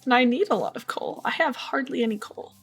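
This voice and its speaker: A woman's voice: a little high, a little fast, slightly rough. A woman streaming a game, chatting casually to herself and her viewers, playful and tired, often repeating little phrases. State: yawning, tired. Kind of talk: casual gameplay commentary.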